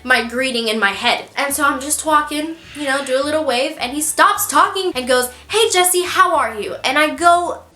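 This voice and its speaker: Bright, high-voiced young woman vlogger. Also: a little fast, few pauses, reverberant. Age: young adult. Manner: animated, self-mocking, acts out quotes. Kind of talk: casual storytelling to camera.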